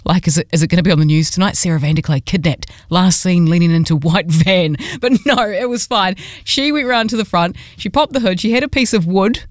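A woman's voice: on the low side, a little fast, few pauses, dry recording, studio quality. A woman with a New Zealand accent, hosting a radio show and telling a story in a chatty, self-mocking way. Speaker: radio host. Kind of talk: casual on-air storytelling. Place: radio studio.

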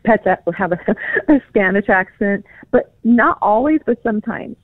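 A woman's voice: medium pitch, animated, moderate pace, no room sound. A woman from California, a guest on the phone, chatting casually with many fillers and easy laughs. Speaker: pet psychic guest. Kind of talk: casual interview chat. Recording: tinny phone line.

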